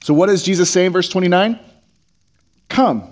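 A man's voice: sits high, flat delivery, racing. A man preaching a conversational sermon, reading scripture aloud and then explaining it in plain, casual speech. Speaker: pastor.

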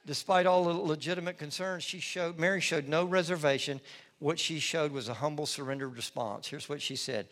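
Expressive male pastor preaching a sermon. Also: on the high side, a little fast. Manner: expressive, storytelling, acts out scenes. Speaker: lead pastor.

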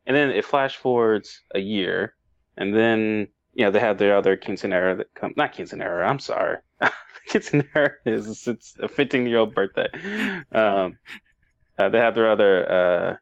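A man's voice: lowish voice, moderate pace, gravelly, dry recording. A man co-hosting a casual movie review chat, rambling and emotional, laughing often and restarting his sentences. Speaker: podcast co-host. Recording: dull dry lo-fi sound.

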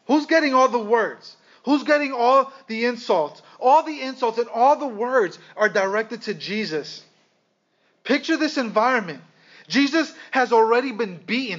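A man preaching a sermon, speaking with dramatic pauses and calling his listeners "guys". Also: sits high, a bit bright. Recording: slightly dull lo-fi sound.

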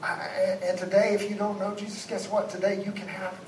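A man, a guest pastor, preaching a sermon and moving between loud exhortation and hushed asides. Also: high-pitched, completely flat delivery, a little fast, a crowd in the background. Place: church sanctuary. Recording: echoey church sound from a distance, background noise.

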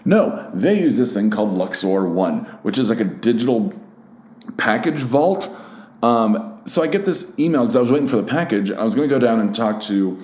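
Expressive and medium-pitched with a darkish tone, a young man speaks at normal speed while hosting a casual solo podcast. The talk rambles, turns self-deprecating, and is heavy on swearing; the room echoes.

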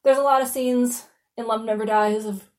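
A woman's voice: a little high, fairly even intonation, moderate pace, darkish tone. Chatty, casual woman podcast host. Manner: chatty and informal, lots of "you know" and "like", swears freely.

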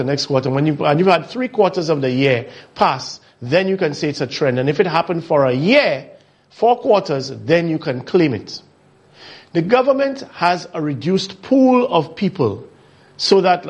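A man hosting a political commentary show, mocking and full of rhetorical questions. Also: on the high side. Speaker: talk show host.

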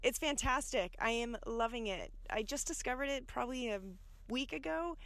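A woman leaving an enthusiastic, gushing birthday voice message from her car, chatty and warm with praise. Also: on the high side, moderate pace, dry recording. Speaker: listener sending a birthday message. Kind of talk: recorded voice message.

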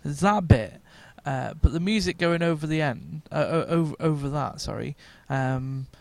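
Male podcast co-host, gravelly, dry close sound, rambly, at a convention. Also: fairly high pitch, normal speed, no echo. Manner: rambling, self-interrupting, laughs often. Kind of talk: casual chat. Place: comic convention.

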